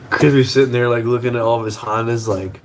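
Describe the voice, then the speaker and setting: A man's voice: medium pitch, slight background noise. A young man hosting a casual livestream from his kitchen at the stove, rambling in a laid-back way and swearing casually. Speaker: livestream host.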